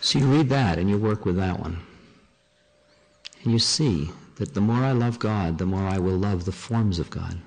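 A man, a spiritual teacher, in a relaxed, conversational talk with small fillers. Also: sits low, moderate pace, creaky, in a large hall. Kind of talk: casual spiritual talk with readings.

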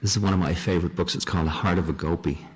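Low-voiced male teacher, relaxed, conversational spiritual talk. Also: racing, slightly rough, in a large hall. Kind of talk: casual spiritual talk with readings.

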